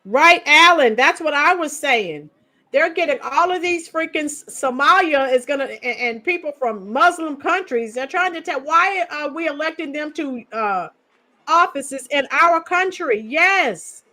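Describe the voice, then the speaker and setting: A woman's voice: sits high, animated, unhurried, pushed and bright. A woman casually hosting a live stream, greeting viewers by nickname and reading out their comments. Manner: chatty, greets and reads out viewer comments, laughs often.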